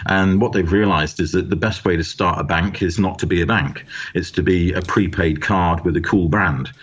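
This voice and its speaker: Deep-voiced man with dull lo-fi audio. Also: moderate pace, husky. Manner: explanatory, repeats words when starting. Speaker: guest author. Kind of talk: interview answers.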